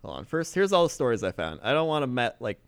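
Laughing podcast host, lively voice. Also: male voice, medium pitch, fast talker, clear, resonant tone. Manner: laughs often, slips into loud mock Chicago sports-fan voices. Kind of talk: casual podcast chat.

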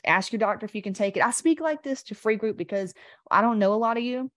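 A woman's voice: on the high side, fast talker, a bit bright, no echo. A middle-aged woman hosting a health podcast, talking casually and bluntly, swearing and rambling as she coaches her listeners directly. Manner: speaks straight to listeners. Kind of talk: casual unscripted coaching talk.

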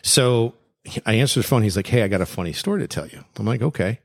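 A man's voice: lowish voice, animated, quick pace, vocal fry. A man co-hosting a podcast, chatting casually and telling funny stories with frequent laughs. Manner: storytelling, laughs often. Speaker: podcast co-host. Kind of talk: casual chat.

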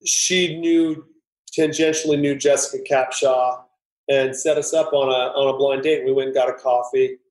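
A man's voice: medium pitch, normal speed. A middle-aged man, a screenwriter guest, telling a story casually and acting out the voices in it. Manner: animated, acts out voices in anecdotes. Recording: roomy echo.

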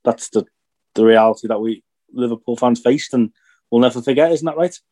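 A young man from Northern Ireland co-hosting a casual podcast, talking in a reflective, halting way as he searches for his words. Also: mid-range voice, mellow. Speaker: podcast co-host.

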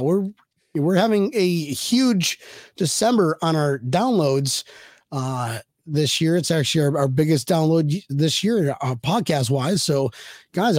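A man co-hosting a sports fan podcast, rambling and hyped, with loud bursts of laughter and yelling. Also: a little high, dry recording, clean studio sound. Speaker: podcast co-host. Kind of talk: excited sports fan chat.

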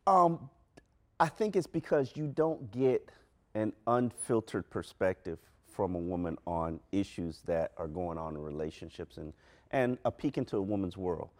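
A man's voice: low voice, normal speed, a little mellow. A middle-aged man co-hosting a podcast in casual chat, thoughtful and a little hesitant, asking questions. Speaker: podcast co-host.

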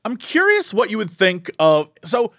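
At a moderate pace, a high-pitched man co-hosting a podcast chats casually and tells an animated story packed with acted-out quotes. The sound is studio quality, free of any room sound.

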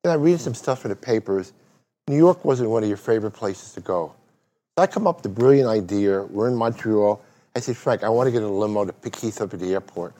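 A man's voice: fairly low pitch, animated, fairly quick, dark tone. A man hosting an interview podcast, telling a story and asking rambling questions with restarts. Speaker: podcast host.

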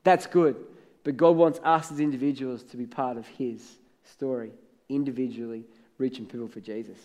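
A man's voice: mid-range voice, fairly even intonation, moderate pace, darkish tone. A man preaching a sermon as pastor, conversational, telling stories and building to emphatic peaks.

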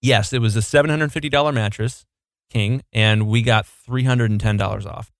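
A man's voice: medium pitch, steady tone, normal speed, no echo, studio quality. A young adult man co-hosting a podcast in a casual, playful chat, telling jokey stories. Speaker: podcast co-host.

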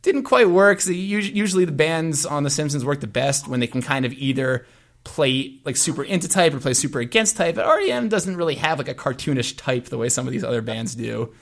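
A man's voice: a little high, animated, a little fast, vocal fry, fairly bright tone. A man hosting a podcast, chatting casually about music in long, meandering sentences. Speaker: podcast host.

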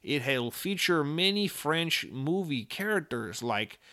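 A man putting on a pompous French game studio executive, with a deliberately bad, slow mock French accent. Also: animated, fairly bright tone, no room sound. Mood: mock-earnest. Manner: mocking, overly earnest corporate pitch.

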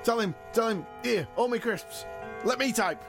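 A man playing a dim, boastful male wrestling champion in a comedy podcast sketch, blunt and excitable. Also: extremely high pitch, moderate pace, gravelly, music in the background. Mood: panicked.

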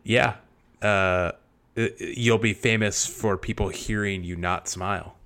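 A man's voice: lowish voice, steady tone, slow, a bit bright. A man co-hosting a podcast in easygoing casual chat. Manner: easygoing, chuckling, conversational. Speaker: podcast co-host.

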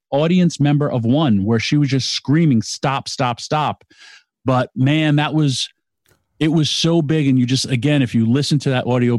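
A man co-hosting a podcast, eager and rambling, tripping over restarts as he tells a story. His voice sits in a middle pitch range. The sound is dry and close. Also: a little mellow, dry recording. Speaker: podcast co-host. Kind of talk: casual chat.

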